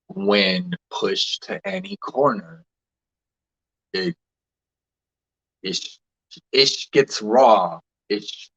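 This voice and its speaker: A man's voice: low-pitched, vocal fry, fairly bright tone, slightly rough, highs cut off. A man hosting a casual livestream, rambling loosely with restarts and fillers as he greets viewers. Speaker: livestream host.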